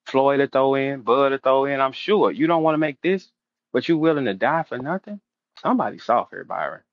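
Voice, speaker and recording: A middle-aged man hosting a casual interview, loudly calling out a rival with brash, repetitive trash talk. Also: medium pitch, lively intonation, fairly quick, no room sound. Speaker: host. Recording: dull, dry lo-fi sound.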